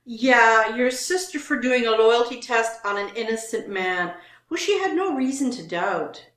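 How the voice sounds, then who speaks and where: A woman's voice: fairly high pitch, lively intonation, unhurried, fairly bright tone. Woman, co-host, reads posts aloud, comments, roomy sound. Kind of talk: reading and discussing online posts.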